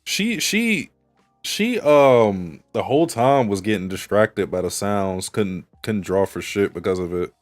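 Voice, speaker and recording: Brief: man, casual podcast co-host, analytical, hesitant restarts, low voice. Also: lively intonation, unhurried, dry recording, faint music behind. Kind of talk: casual anime discussion.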